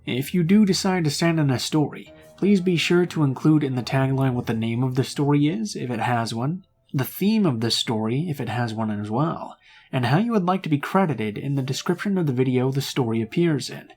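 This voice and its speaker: A man who hosts a horror story channel, reading a story and then chatting with viewers in a relaxed way, often saying "uh". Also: medium pitch, a little fast, soft background music. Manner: relaxed, chatty, with frequent filler "uh". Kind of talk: story reading and casual outro.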